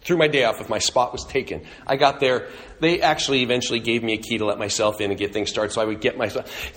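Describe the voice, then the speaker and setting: A man's voice: mid-range voice, steady tone, quick pace, a bit bright. A man preaching a sermon as a pastor, telling a story in a conversational way with humorous asides.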